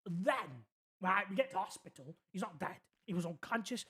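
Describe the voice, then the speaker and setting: An expressive, slightly bright mid-range voice with a breathy edge speaks at normal speed. The streamer is in character as a naive young man in a city game, rambling earnestly through a lengthy story and checking in with the listener along the way.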